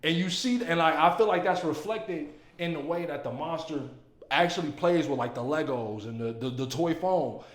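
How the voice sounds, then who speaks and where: A man giving casual, emphatic movie commentary, excitable and full of profanity. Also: a little high, normal speed. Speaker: movie reviewer. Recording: roomy echo.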